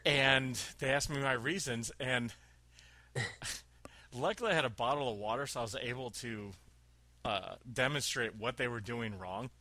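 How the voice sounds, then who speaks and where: A man's voice: mid-range voice, unhurried, pushed and bright, dry recording. A man chatting casually on a podcast, telling a long story with laughs and acted-out quotes. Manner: rambling, laughing, acts out quotes.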